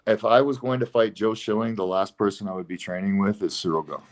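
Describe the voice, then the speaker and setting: Man, very low voice, blunt, halting with fillers, casual interview guest. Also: steady tone. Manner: halting, many fillers and restarts, blunt, swears. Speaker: professional fighter, guest.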